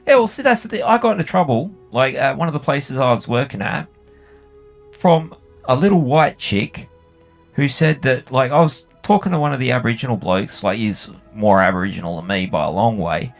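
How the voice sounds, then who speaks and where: A man's voice: mid-range voice, expressive, brisk, gravelly, faint music behind. A young Australian man chatting bluntly and swearing freely while he plays a game. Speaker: gaming video host. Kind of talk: casual chat while playing.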